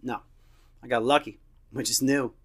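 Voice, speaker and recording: A man's voice: mid-range voice, fairly even intonation, moderate pace, fairly bright tone, husky. Blunt, opinionated man reviewing a match. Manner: blunt, opinionated, swears casually. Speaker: soccer podcast host. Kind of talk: casual solo match review.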